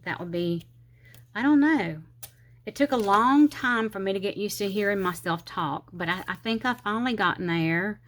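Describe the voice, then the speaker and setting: Speaking at medium pitch and a moderate pace with a fairly bright tone, a middle-aged woman with a Southern US accent decorates her planner. The planner channel host keeps the crafting vlog casual and chatty, rambling, slurring slightly, occasionally counting under her breath.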